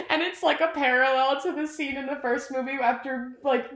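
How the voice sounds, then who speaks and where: A woman's voice: sits high, normal speed. Rambling young woman retelling a plot. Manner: rambling, animated, heavy use of "like", acts out quotes. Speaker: vlogger retelling a film plot. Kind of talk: casual chat. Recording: echoey room.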